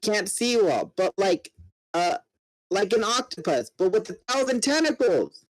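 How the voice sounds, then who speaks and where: A man voicing a frantic teenage boy who shouts in a raised, panicked voice during a storybook reading. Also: high-pitched, sing-song, unhurried, no room sound, pitched above the performer's own voice, full character voice, rough recording.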